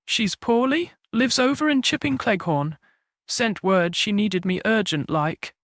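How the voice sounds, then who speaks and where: A man's voice: sits high, animated, unhurried, a bit bright, no echo, clean studio sound. A man voicing an anxious young male gardener's boy who talks in country dialect, in an audiobook mystery.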